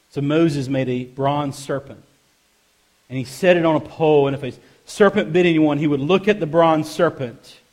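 In a church service, a male pastor reads scripture and preaches, alternating hushed, low-voiced asides with loud, forceful passages. He leans on repeated phrases for emphasis.

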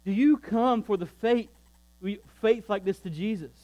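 A pastor preaching a sermon, emphatic and shifting between loud preaching and quiet, low asides. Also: male voice, measured pace, low-quality recording.

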